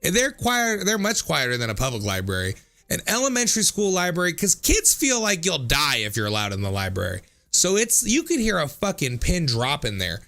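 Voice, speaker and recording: Gravelly guy in his 30s goofing off reading chat comments, voice all over the place, swears a lot. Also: fairly high pitch, a little fast, faint music behind. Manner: animated, jokey, swears freely, laughs often. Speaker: streamer reading viewer comments. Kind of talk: casual comedic commentary.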